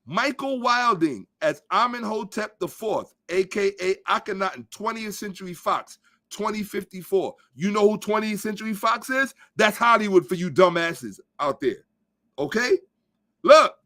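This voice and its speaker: Speaking at a moderate pace, a man with a high-pitched, animated voice that sounds pushed and bright hosts a podcast. He lectures listeners in a ranting social commentary monologue, blunt, profane and emphatic.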